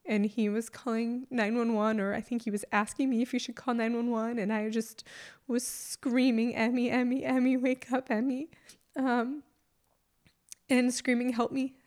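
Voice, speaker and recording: A young adult woman, a mother, telling a personal story in an emotional, halting way with many pauses and fillers. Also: on the high side, a little mellow.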